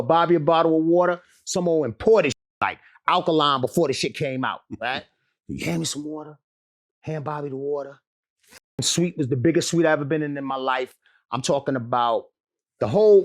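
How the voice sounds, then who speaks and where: A man telling a wild story as an interview guest, swearing often, laughing and acting out the voices of the people involved. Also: a little high. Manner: profane, laughs through his story, acts out quotes. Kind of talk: animated storytelling.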